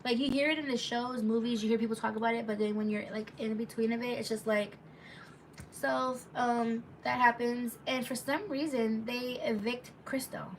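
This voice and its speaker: A woman's voice: on the high side, steady tone, moderate pace, recorded from a distance, a little hiss or hum. A woman telling a story casually on a live stream, rambling and chatty with lots of asides to her viewers, reading their comments aloud as she goes.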